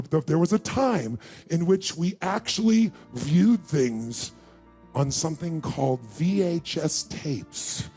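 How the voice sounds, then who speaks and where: A man's voice: sits high, a little mellow. A middle-aged man on stage, telling a story to a live audience as a motivational speaker and quizzing the crowd. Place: large event room.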